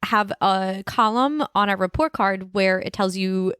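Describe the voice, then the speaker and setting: A woman co-hosting a podcast, explaining things in an upbeat, easily excited way. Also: medium pitch, measured pace, smooth, dry recording, studio quality. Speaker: podcast co-host. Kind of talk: casual podcast chat.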